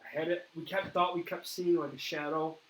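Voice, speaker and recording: A man hosting a paranormal interview, telling a ghost story in a lively way and acting out what others said. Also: fairly high pitch, a little fast. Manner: animated storyteller, acts out quoted dialogue. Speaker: paranormal investigator host. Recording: echoey room with faint noise.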